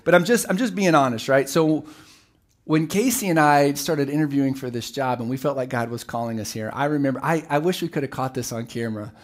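A middle-aged man preaching a sermon as pastor, telling the story with animated, acted-out voices. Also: mid-range voice, brisk.

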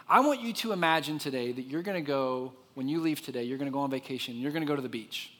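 Man, pastor, sermon, fairly high voice, expressive storytelling, long hall reverb. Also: fast talker. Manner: expressive storyteller, drops to a soft hush for quiet moments.

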